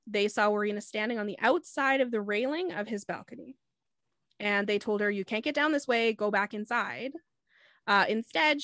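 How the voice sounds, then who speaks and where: A woman's voice: on the high side, fairly bright tone, no echo, studio quality. A woman hosting a podcast, telling a true crime case in a casual, matter-of-fact way with fillers and asides.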